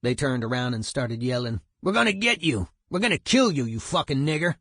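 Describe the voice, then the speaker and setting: A man's voice: medium pitch, lively intonation, normal speed, no room sound, studio quality, natural voice. Guy reading as a foul-mouthed punk musician, fired up, swearing constantly, medium voice. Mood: animated. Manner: profane, emphatic storytelling. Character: streetwise male punk musician telling war stories.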